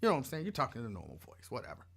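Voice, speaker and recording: Man, live-stream host, casual rant, lively swooping pitch, playful and colloquial. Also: racing, vocal fry. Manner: animated, rambling,喜 playful storytelling; colloquial, repeats phrases for emphasis. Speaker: show host.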